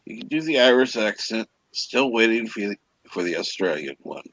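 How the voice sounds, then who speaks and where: A man's voice: fairly low pitch, expressive, moderate pace, a bit bright, no room sound, poor audio. A man on a video call reacting with incredulous, swearing exasperation. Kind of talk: casual chat on a video call.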